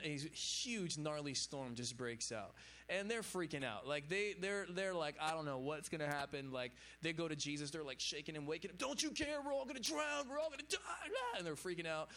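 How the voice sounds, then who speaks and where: Here a pastor's fairly high, somewhat bright voice carries a relaxed sermon aimed at young adults. His delivery is conversational and loose, peppered with fillers like "you know what I'm saying."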